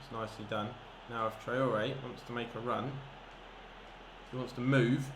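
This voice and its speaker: An excitable man talks through his football video game match at a middle pitch, narrating every pass and yelping when a chance comes. His voice rings around an echoey room with steady noise behind it. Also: normal speed. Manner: excitable, bursts into shouts at chances. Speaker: gaming commentator. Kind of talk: live football game commentary.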